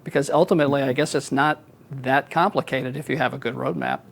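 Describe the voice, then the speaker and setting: A man's voice: medium pitch, fairly even intonation, a little fast, gravelly. A man hosting a podcast interview, friendly and hesitant, with many fillers. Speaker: podcast host.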